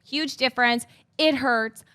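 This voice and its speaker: A woman from Ontario telling excited stories in a casual interview, acting out quotes in lively voices. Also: high-pitched, measured pace, no room sound. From Canada (Ontario). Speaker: guest, wrestling interviewer and host. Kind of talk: casual conversation.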